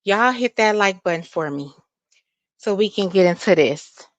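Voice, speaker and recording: A woman's voice: mid-range voice, expressive, normal speed, no room sound, highs cut off. A woman hosting a casual livestream, greeting viewers by name, a little out of breath and laughing often. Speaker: livestream host.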